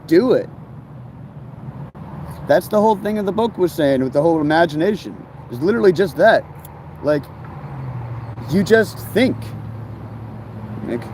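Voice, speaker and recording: Man, laid-back rambling talk, lots of fillers and slang, slightly high voice, mellow tone, faint traffic behind. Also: lively intonation, unhurried, long pauses. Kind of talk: rambling casual monologue.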